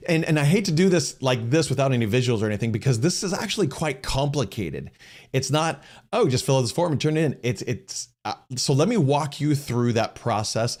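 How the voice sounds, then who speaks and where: A man's voice: mid-range voice, darkish tone. A middle-aged man hosting a question-and-answer session, explaining things in a casual, conversational way, often restarting phrases and acting out quoted dialogue. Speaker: host answering viewer questions.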